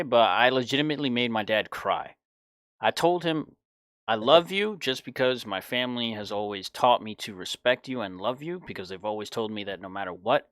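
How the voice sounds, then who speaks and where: A young man in his twenties tells a long personal story in a blunt, animated way, with plenty of swearing. His voice sits a bit low, and the recording is dry and close with no room sound. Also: no echo. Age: 20s. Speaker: podcast host. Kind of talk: casual storytelling chat.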